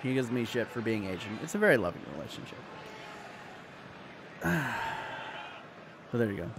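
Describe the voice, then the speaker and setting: A man's voice: medium pitch, big pitch swings, moderate pace, background noise. A young adult man with an American accent, hosting a casual livestream and chatting with viewers as he answers their comments. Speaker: livestream host.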